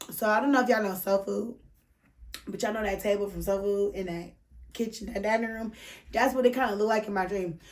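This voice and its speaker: A woman's voice: mid-range voice, distant mic. A woman hosting a podcast, telling a personal story in a candid, profane way full of filler words. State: emotional, near tears at moments. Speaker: podcast host. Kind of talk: casual storytelling.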